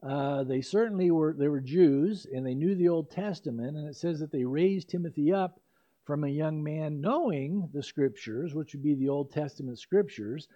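A man's voice: fairly high pitch, moderate pace, warm tone. An older man preaching an expository sermon as pastor, in a conversational way with asides and self-corrections. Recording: dull lo-fi recording.

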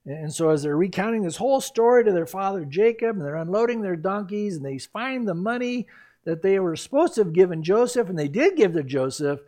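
A lively man preaching a Bible teaching sermon, his voice pitched fairly high and swinging widely up and down. He talks in an animated way, acting out the characters as he goes. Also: brisk. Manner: animated, acts out quoted voices and reactions, laughs at his own asides. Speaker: pastor.

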